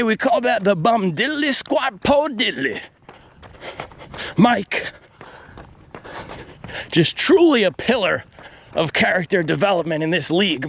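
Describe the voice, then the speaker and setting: A folksy, gushing female basketball commentator, as a man puts her on, her voice pitched well above his own and swinging through a lively, rising lilt. She piles on earnest praise and keeps turning to her on-air partner by name. A faint hum of outdoor noise sits underneath. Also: creaky, heavily acted.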